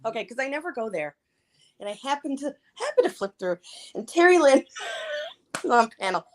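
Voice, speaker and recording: A woman's voice: high voice, normal speed. A woman guest on a livestream, telling a story in casual chat, laughing often and acting out what others said. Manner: giggly, animated, acts out quotes.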